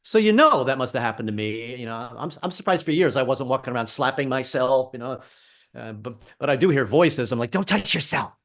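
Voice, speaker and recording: A man's voice: medium pitch, lively intonation, brisk. A middle-aged man doing a stand-up comedy set, wry and self-deprecating.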